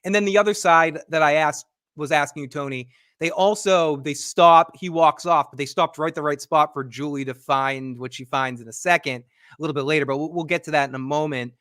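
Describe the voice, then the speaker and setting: A man's voice: on the high side, brisk, fairly bright tone, no room sound, studio quality. A man co-hosting a casual TV recap podcast, laid-back, swearing and laughing often. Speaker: podcast co-host.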